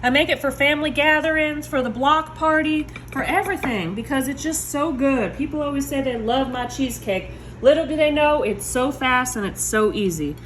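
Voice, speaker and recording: A woman, showing desserts in her home kitchen in a chatty, excitable way, talking to viewers. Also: sits high, moderate pace, hardly any pauses, slight background noise. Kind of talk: casual cooking video. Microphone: phone.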